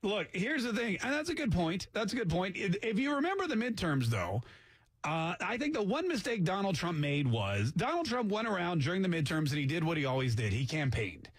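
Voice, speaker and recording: Male talk radio host, high husky voice, sarcastic and joking, close dry studio mic. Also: very animated, fairly quick, dry recording. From Canada. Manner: sarcastic, mocks accents with jokey asides. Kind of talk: casual talk radio monologue.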